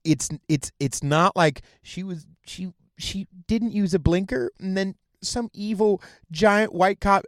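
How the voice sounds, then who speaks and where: Heated, profane man ranting in a high voice. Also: unhurried, a bit bright, no echo, studio quality. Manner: stammers and restarts mid-sentence. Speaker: podcast host. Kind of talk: profane solo rant.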